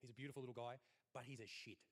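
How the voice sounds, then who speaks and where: Brash Australian stand-up comic. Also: male voice, steady tone, very fast. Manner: crude mock-earnest delivery, voice jumping high on punchlines. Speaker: stand-up comedian. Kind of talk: stand-up comedy routine. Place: comedy stage.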